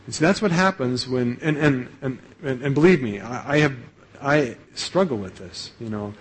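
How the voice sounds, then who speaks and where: A man's voice: mid-range voice, expressive, moderate pace, breathy edge, rough recording. A male pastor giving a sermon in a conversational way, often ending phrases with "right?" and restarting sentences. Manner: conversational preaching, frequent "right?" tags and repeated starts.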